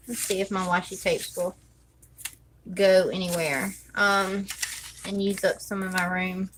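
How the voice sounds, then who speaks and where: A woman's voice: mid-range voice, bright, forceful tone, slight background noise, low-quality recording. A woman chatting casually while she decorates her planner, thinking aloud and counting under her breath. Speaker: planner vlogger.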